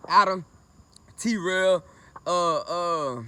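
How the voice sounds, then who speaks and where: A man's voice: sits high, drawn-out words, pushed and bright. A man from Lake Charles, angry and confrontational, ranting profanely to camera. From Lake Charles, Louisiana, US. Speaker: vlogger. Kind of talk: heated rant to camera.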